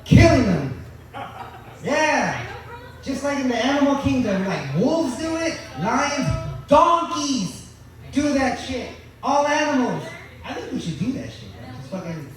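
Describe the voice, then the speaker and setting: In a very echoey open mic venue, recorded from afar, a man with a very high voice delivers a crude, profane comedy set. His manner is deadpan and boastful, his pace moderate.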